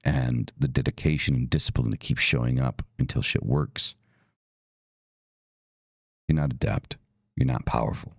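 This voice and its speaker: A man's voice: extremely low pitch, moderate pace, gravelly, pauses often, no room sound. A man hosting a podcast, talking casually, blunt and profane with emphatic delivery. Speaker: podcast host. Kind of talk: casual talk.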